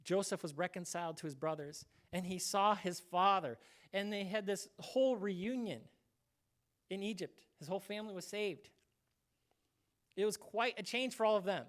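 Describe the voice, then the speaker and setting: A man's voice: sits high, moderate pace. A male pastor giving a casual, conversational sermon, acting out short quoted voices now and then.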